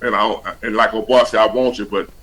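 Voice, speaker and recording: A man's voice: on the low side, fairly even intonation, fast talker, a bit bright, low-quality recording. A man hosting a livestream over a video call, talking bluntly and preachily in casual slang with plenty of cussing. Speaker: livestream host.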